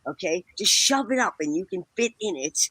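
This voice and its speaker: A woman, telling a lively story as a podcast guest and acting out the voices in it. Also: mid-range voice, brisk, slightly rough, no room sound, low-quality recording. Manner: acts out quoted voices, laughs often. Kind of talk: animated anecdote telling.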